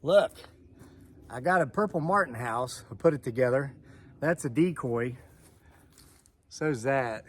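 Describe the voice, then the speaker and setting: A man's voice: mid-range voice, a little slow, pauses often. A man vlogging outdoors on his homestead, telling a rambling joking story with asides while filming on a camera mic. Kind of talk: casual storytelling vlog.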